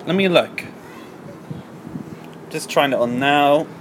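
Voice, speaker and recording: A man's voice: a little high, takes it slowly, background noise. A man voicing a polite, patient bear who stammers while hunting for his lost hat. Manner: mild, stammering, persistent.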